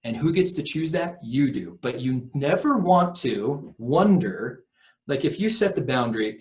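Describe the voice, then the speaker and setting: Guy coach on a podcast, earnest and emphatic, middle-pitch voice. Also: animated, a little slow, a little mellow. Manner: earnest, emphatic, acts out quoted lines. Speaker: emotional abuse recovery coach, guest. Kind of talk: podcast interview, explaining.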